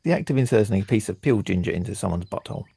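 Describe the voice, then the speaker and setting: A man's voice: lowish voice, lively intonation, racing, gravelly, mellow, husky. A man hosting a podcast and running a quiz for his co-hosts, delivering answers in a dry, teasing way during casual chat. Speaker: podcast host and quizmaster.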